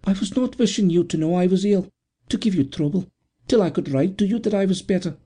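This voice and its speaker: A man voicing a frail, sick young woman from a storybook, speaking softly and weakly. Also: high voice, fairly quick, breathy edge, voice pushed up. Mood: weak anxious. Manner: soft, weak and anxious.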